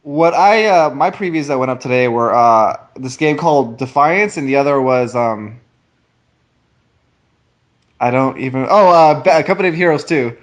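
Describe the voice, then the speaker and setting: A man's voice: mid-range voice, lively intonation, normal speed, lo-fi sound. A man, a games journalist on a casual podcast, talking about previews with hesitation, many fillers and restarts. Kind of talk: casual chat.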